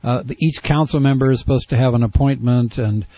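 A male radio host interviewing a guest by phone, asking probing, wry questions with halting restarts. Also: mid-range voice. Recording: muffled dry radio audio.

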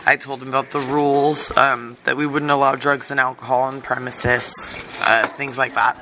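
A man's voice: medium pitch, flat delivery, moderate pace, noisy background. A man, an encampment advocate, giving a loose, chatty spoken report with many fillers. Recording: dish and cutlery clatter.

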